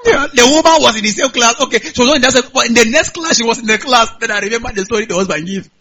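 A Nigerian man preaching a sermon as a pastor, animated and punctuated with hallelujahs. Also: extremely high pitch, very fast.

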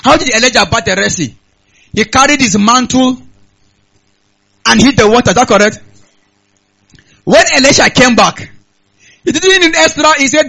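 Nigerian male pastor, high bright voice, works the crowd with repeated questions. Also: animated, fairly quick, pauses often, breathy edge, rough recording. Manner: call-and-response preaching, repeating lines and asking the audience. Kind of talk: sermon. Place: church hall, on stage.

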